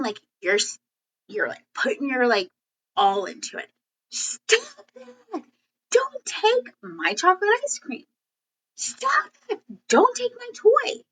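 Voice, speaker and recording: Bright-voiced chatty woman teacher. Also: sits high, poor audio. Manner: chatty and animated, acting out example sentences. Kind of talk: classroom lesson video.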